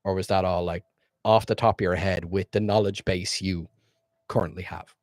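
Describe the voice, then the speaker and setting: A man's voice: sits low, fairly even intonation, normal speed, a little mellow, dry recording. A man streaming as game master, wrapping up a tabletop session in loose, rambling casual chat with frequent swearing.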